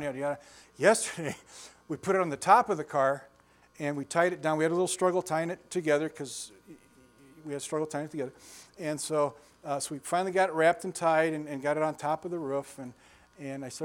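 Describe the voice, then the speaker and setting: An older male pastor in his sixties with a slightly high voice, preaching in a relaxed, storytelling way. He chuckles often and checks in with his congregation with direct questions. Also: fairly quick. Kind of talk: conversational sermon.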